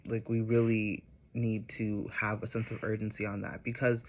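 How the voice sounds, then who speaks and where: A man's voice: fairly low pitch, flat delivery, normal speed, a little hiss or hum. Chatty man telling a spiritual story. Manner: chatty, rambling, many fillers. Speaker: vlogger.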